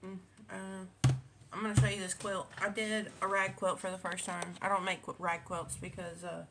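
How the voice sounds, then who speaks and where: A woman's voice: mid-range voice, flat delivery, moderate pace, creaky, very noisy. A woman, a quilting vlogger chatting casually at home, rambling with many fillers and restarts. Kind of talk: casual chat. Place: home with cats.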